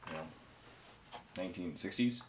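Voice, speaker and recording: A man's voice: deep voice, normal speed, a little hiss or hum. A tired man hosting a miniature-painting show at home, chatting in a rambling, offhand way. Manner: rambling, offhand, self-amused. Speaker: painting channel host. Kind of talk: casual chat while painting miniatures. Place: home, near a garage. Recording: roomy echo.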